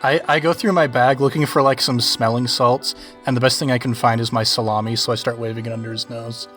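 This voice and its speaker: A man's voice: medium pitch, little pitch movement, brisk, a bit bright, far from the mic, soft background music. A man playing a tabletop game, playfully describing his character's actions. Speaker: player.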